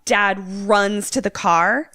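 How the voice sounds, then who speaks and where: A woman podcast co-host in casual chat, telling a horror film's plot in an animated way and acting out the characters. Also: mid-range voice, takes it slowly, very noisy. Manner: animated storytelling, acts out the characters.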